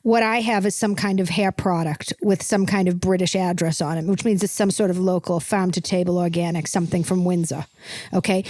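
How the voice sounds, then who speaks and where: A woman's voice: fairly low pitch, fairly even intonation, a little fast, darkish tone, no echo, studio quality. A woman hosting a comedic podcast, rambling and gossipy, tacking "okay?" onto her points. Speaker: podcast host.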